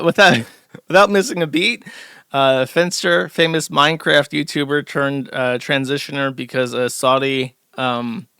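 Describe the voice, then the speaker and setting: Sharp-voiced sarcastic male streamer. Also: mid-range voice, clear, resonant tone, no echo, studio quality. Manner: sarcastic, rambling with fillers and laughs. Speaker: streamer host. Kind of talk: casual ranting commentary.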